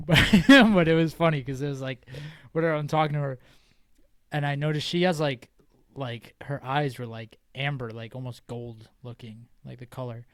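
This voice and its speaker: Smooth-voiced young man telling a rambling story. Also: mid-range voice, moderate pace, fairly bright tone, dry recording. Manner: rambling storyteller, heavy filler words and swearing. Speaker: podcast co-host. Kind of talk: casual chat.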